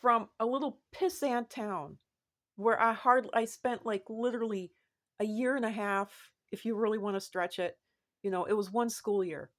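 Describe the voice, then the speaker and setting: A woman vlogger talking casually to the camera, rambling and repeating herself, with sudden animated rises in her voice. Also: mid-range voice, normal speed. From United States.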